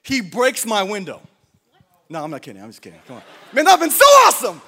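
In a hall with long reverb, a pastor preaches a sermon, telling a story full of jokes and frequent self-interruptions before turning to exhortation. His very high, creaky voice runs a little fast, and his manner is animated and jokey.

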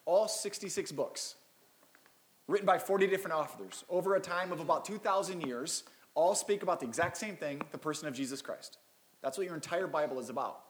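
A man's voice: on the high side, fairly quick, reverberant. A man preaching a Christmas sermon as pastor, reading scripture and breaking in with casual, self-deprecating asides.

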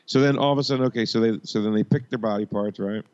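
A man's voice: fairly low pitch, quick pace, darkish tone, muffled recording, slight background noise. A man co-hosting a podcast in casual chat, laughing often and swearing. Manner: laughing, profane. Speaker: podcast co-host.

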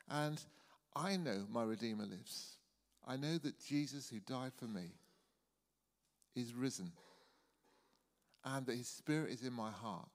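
Earnest preacher in a reverberant church. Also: male voice, a little high, darkish tone. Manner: earnest, repeats words as he speaks. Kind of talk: evening sermon and closing prayer.

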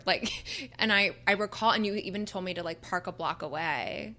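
Woman, young adult, casual conversation, earnest, halting, lots of likes, bright forceful tone. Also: fairly low pitch, slight background noise.

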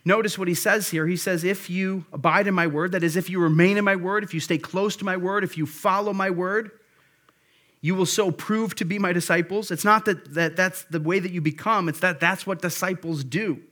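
A man preaching in a fairly high, conversational voice. He retells scripture in everyday words and works through his points with stops and restarts before pressing them home with emphasis. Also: steady tone, fairly quick, pushed and bright. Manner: frequent restarts and fillers, then builds to emphatic points. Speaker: pastor. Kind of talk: sermon.

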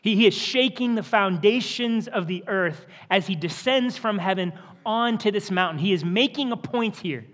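A man's voice: sits high, moderate pace, hardly any pauses, a bit bright, in a large hall. A man pastor giving an earnest sermon, often restarting words as he talks, in a church sanctuary. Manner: earnest, with repeated word restarts.

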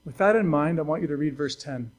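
A man's voice: a little high, fast, rough recording. A man pastor delivering a conversational, earnest sermon to his church, with fillers and restarts.

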